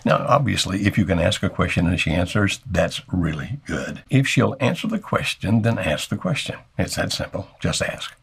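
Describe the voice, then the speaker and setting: An older man speaks in a low, gravelly register with a husky edge to his voice. He gives marriage advice in a folksy way, playing out small husband-and-wife exchanges as he goes. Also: big pitch swings, normal speed, hardly any pauses. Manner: folksy, acts out little dialogues with chuckles. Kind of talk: advice talk to camera.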